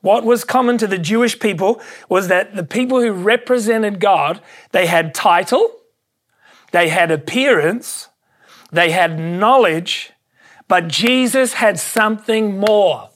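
A pastor preaching a sermon, emphatic and excitable, repeating key phrases for weight. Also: mid-range voice, a little slow.

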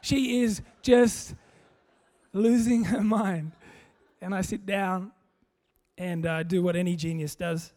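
A man preaching a sermon, telling a funny story in a relaxed, conversational way. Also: high-pitched, takes it slowly, long pauses. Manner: conversational, humorous, animated storytelling. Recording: long hall reverb.

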